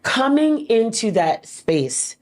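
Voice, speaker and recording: A woman's voice: fairly high pitch, big pitch swings, takes it slowly, darkish tone. A woman hosting a talk show, encouraging her guests and often affirming them as they speak. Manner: encouraging, with frequent affirming "wow" and "mm". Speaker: host. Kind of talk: conversational interview.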